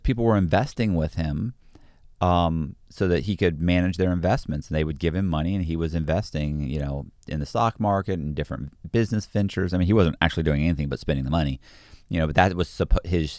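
A man's voice: low-pitched, fairly quick, darkish tone, dry recording, clean studio sound. A man talking as a podcast guest, telling stories in a casual, rambling way with lots of restarts and fillers. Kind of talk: casual storytelling.

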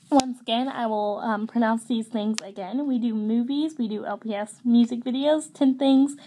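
A woman's voice: high-pitched, warm tone. A young woman hosting a toy pet video channel, nervous and rambling with lots of ums. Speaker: channel host. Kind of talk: playing toy pets in a home video. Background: background music.

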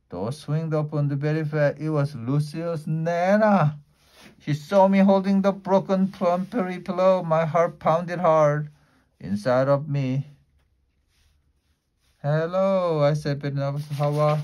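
A man reading a children's storybook aloud in a lively way, shifting his pitch and loudness for the characters' lines. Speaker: storybook reader.

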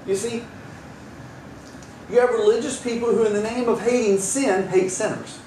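A man's voice: high voice, steady tone, moderate pace, a little mellow, slight background noise. Man preaching in a roomy church. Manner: conversational, wry asides, acts out quoted voices. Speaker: pastor. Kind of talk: sermon. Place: church sanctuary. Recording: roomy church sound from a distance, faint ambience.

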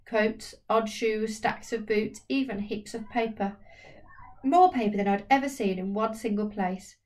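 A woman narrating a children's novel aloud in a steady, lightly expressive reading voice. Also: mid-range voice, measured pace, far from the mic. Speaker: audiobook reader. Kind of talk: storybook narration.

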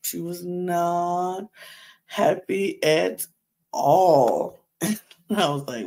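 A woman's voice: on the low side, very slow, vocal fry, pauses often, mellow. A woman hosting a podcast, giving a casual gossipy recap of a reality show, chatty and laughing often. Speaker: podcast host.

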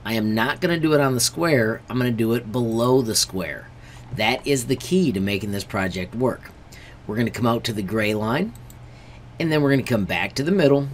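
A man's voice: medium pitch, expressive, moderate pace, a little hiss or hum. A man, a teacher, walking through a screen-recorded tutorial step by step, friendly and stressing warnings. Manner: friendly, repeatedly says friends.

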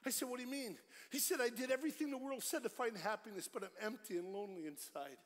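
A middle-aged man giving a lively, joking evangelistic sermon at a church concert, swinging from loud storytelling to hushed pleading. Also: very high voice, quick pace. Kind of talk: energetic evangelistic sermon with jokes. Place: large church concert hall. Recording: live church hall with long reverb.

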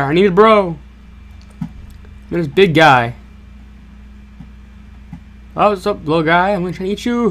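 Excitable young man narrating gameplay. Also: high-pitched. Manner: excitable, jokey, stammering repeats, yelps when chased. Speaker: gaming channel host. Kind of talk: casual gameplay commentary.

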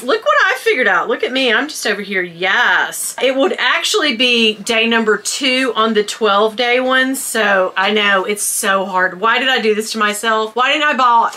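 Chatty woman with a bright voice. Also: medium pitch, slight background noise. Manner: chatty, self-deprecating, talks to viewers as y'all. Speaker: vlogger. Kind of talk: casual vlog chat. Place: at home, indoors.

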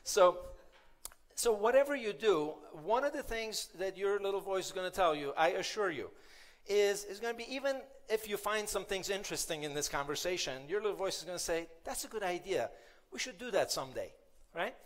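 A man's voice: high voice, animated, a little fast. A man giving a conversational, playful motivational keynote at a conference, often asking the audience questions. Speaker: keynote speaker.

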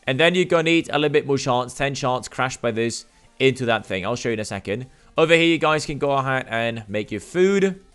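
A man giving casual gameplay commentary, explaining steps and getting loud and swearing when the game frustrates him. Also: mid-range voice, lively intonation, fairly quick, smooth, soft background music. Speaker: gameplay streamer.

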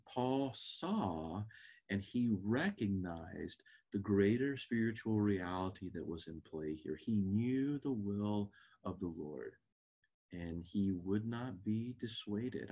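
A man's voice: low voice, warm tone, slightly rough. A man teaching a Bible class lesson in an earnest, reflective way.

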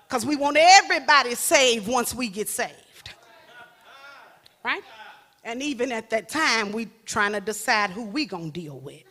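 A woman evangelist preaches a sermon. Her voice is bright and fairly high. She swings between loud, stretched-out peaks and quick, chatty asides to the congregation. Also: sing-song. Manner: emphatic preaching with big swings in volume, playful asides to the congregation.

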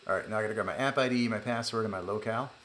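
A man's voice: lowish voice, racing, a bit bright. Nasal man hosting a coding stream. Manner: chatty, joking, narrates each step. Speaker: live stream host. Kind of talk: casual live coding chat.

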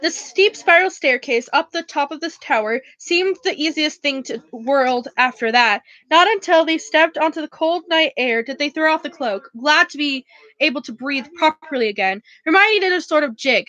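A woman's voice: high voice, lively intonation, moderate pace, sharp tone, no echo. A woman casually reading a novel aloud for a book club, often stumbling over words and correcting herself. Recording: dull, dry lo-fi recording.

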